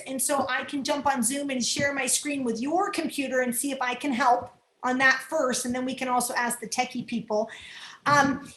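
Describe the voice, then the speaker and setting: A woman with a high, bright-sitting voice speaks earnestly to volunteers on a video call, her words warm with emotion and broken up by frequent laughs. Her computer mic catches a roomy echo of the room around her. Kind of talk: Zoom training talk.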